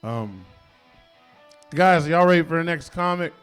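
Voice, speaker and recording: A man hosting an open mic night, loose and goofy, swearing and shouting silly bits between comics on a wireless mic. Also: a little high, lively intonation, measured pace, clear, resonant tone, faint music behind. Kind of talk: introducing comics on stage. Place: comedy club stage. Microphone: wireless handheld mic.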